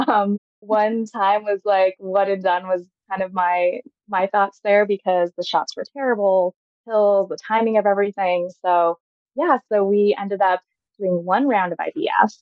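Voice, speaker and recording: A woman in her thirties shares her own story as a podcast guest. She talks in a loose, chatty way, with lots of "like" fillers and a quick laugh now and then. Her voice sits at a middle pitch and comes through slightly dull and lo-fi, with a dry sound and no room echo. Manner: chatty, heavy use of "like" fillers, laughs often. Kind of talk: casual personal storytelling.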